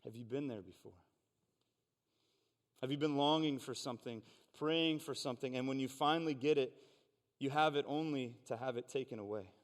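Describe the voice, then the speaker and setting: A man delivering a sermon in a church, moving between reading scripture and earnest, conversational asides. His mid-pitched voice carries a long reverb from the hall around him. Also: moderate pace. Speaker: pastor. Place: church sanctuary.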